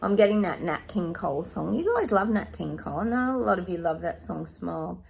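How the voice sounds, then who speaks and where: A woman's voice: on the low side, big pitch swings, a little fast, gravelly, darkish tone. A middle-aged woman, a psychic giving chatty readings straight to camera and calling her viewers guys. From Australia. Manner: chatty, addresses viewers as guys, sings snatches of songs. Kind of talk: casual direct-to-camera reading.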